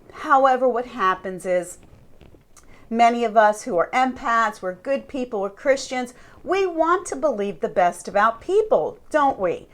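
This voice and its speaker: A woman coach delivers a slow, deliberate teaching talk. Her voice sits a little high, and she leans on rhetorical questions to draw her listeners in. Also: a bit bright. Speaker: Christian life coach.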